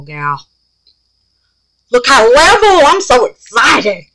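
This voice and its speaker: A woman's voice: medium pitch, a bit bright, rough recording. A woman hosting a casual crafting vlog, gasping and exclaiming as she works and muttering to herself. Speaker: craft channel host.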